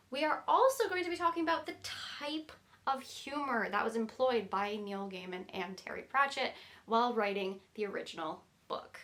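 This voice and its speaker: A woman's voice: a little high, fairly bright tone. A young woman talking to camera about writing, chatty and rambling, often breaking off into asides. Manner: chatty, rambling, self-interrupting with likes and digressions. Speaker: writing vlogger. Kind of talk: casual talk to camera.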